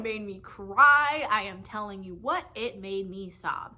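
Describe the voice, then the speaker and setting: A woman's voice: mid-range voice, sharp tone. A young woman giving a heartfelt, emotional tribute to camera, swearing casually as she gushes. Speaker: fan sending a tribute message.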